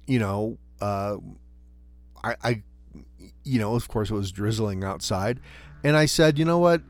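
A middle-aged man reflecting earnestly on hard times, talking in a halting way with lots of fillers and restarts. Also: fairly low pitch, darkish tone, dry recording. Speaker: storyteller recounting his hike. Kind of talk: casual spoken reflection.

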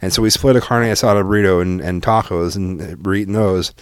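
Fast-talking, profane middle-aged man telling stories. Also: deep voice, smooth, no room sound, studio quality. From Oregon, US. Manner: profane, animated, lots of fillers. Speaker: podcast co-host. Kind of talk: casual storytelling chat.

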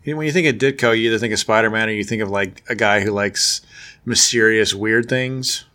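A man's voice: lowish voice, fairly quick, pushed and bright. A man in casual chat about comics, making dry, sarcastic asides. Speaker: podcast co-host.

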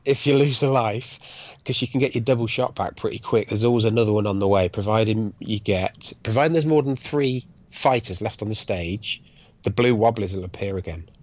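A man's voice: fairly low pitch, brisk. An English man co-hosting a podcast, chatting casually about arcade games and reading out tips in a jokey way. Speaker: podcast co-host. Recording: dull lo-fi dry sound.

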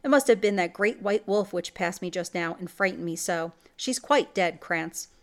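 A woman's voice: lowish voice, normal speed, lightly acted. A woman voicing a sly werewolf stepmother. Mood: feigned concern. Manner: feigned concern.

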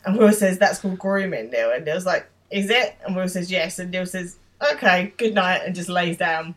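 A woman's voice: fairly low pitch, fairly bright tone. A woman co-hosting a podcast, casually narrating a TV episode's plot and quoting the characters. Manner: narrates plot quickly, quoting lines, with laughs. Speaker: podcast co-host. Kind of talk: casual recap chat.

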